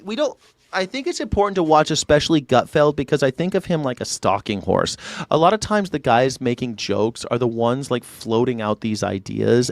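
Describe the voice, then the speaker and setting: A man's voice: mid-range voice, no echo. A man hosting a live news reaction show, talking loosely and profanely in rambling rebuttals. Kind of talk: casual reaction commentary.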